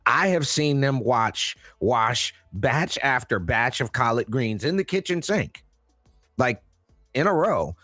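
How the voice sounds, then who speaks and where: A man co-hosting a podcast, talking in an animated, incredulous and slangy way. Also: medium pitch, slow pace, dry recording, soft background music. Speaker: podcast co-host. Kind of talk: casual commentary chat.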